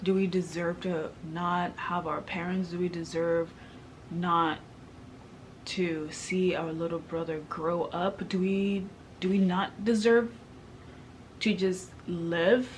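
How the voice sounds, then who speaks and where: A woman's voice: lowish voice, fairly even intonation, takes it slowly, slight background noise. A young woman from Kenya talking through her struggles with faith in a personal vlog, emotional and questioning, with many fillers. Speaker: vlogger.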